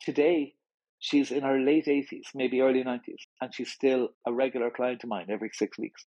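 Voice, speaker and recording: A middle-aged man with an Irish accent talks openly in a studio interview, stumbling and repeating himself as he finds his words. His voice is husky and slightly breathy. The sound is dry and close. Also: mid-range voice, level tone, mellow, no echo, highs cut off. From Ireland. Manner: halting, repeats words and restarts often. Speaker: guest. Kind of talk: candid interview conversation.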